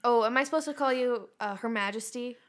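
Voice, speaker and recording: Woman co-host, lightly high voice, quick to laugh. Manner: laughs often, plays interviewer. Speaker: podcast co-host. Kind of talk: casual chat.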